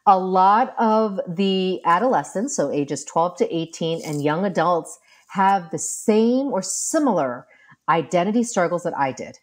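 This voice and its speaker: Middle-aged woman therapist guest, low-ish voice, lively anecdotal delivery. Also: a little slow. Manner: animated storytelling, acts out quoted lines. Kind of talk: casual interview talk.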